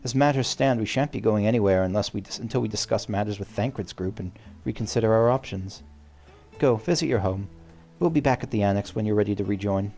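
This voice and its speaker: A man with a gruff voice reading the lines of a calm young woman mage from a game. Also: on the low side, fast, faint music behind, voice pushed down, close to an everyday voice. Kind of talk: reading game dialogue aloud.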